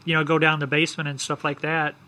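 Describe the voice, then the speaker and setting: Male co-host with a higher, bright voice, easygoing and hesitant, repeats words. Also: flat delivery, fast talker. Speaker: podcast co-host. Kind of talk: casual chat.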